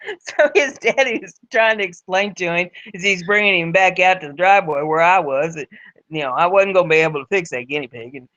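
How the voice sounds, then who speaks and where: A woman's voice: lowish voice, fairly quick, a bit bright, dry recording. Folksy woman telling a story. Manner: folksy, homespun, repeats her words. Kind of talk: spoken storytelling. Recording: dull lo-fi recording.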